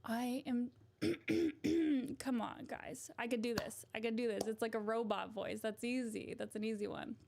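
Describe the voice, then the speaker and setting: A woman's voice: on the high side, steady tone, measured pace, creaky, noisy background. A young woman streaming, chatting casually to viewers, giggly and self-amused. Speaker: voice-acting streamer.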